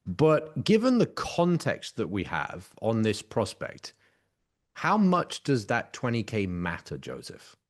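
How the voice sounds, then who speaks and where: A man's voice: fairly low pitch, wildly swooping pitch, takes it slowly. A man coaching sales closers in a live role-play, direct and corrective.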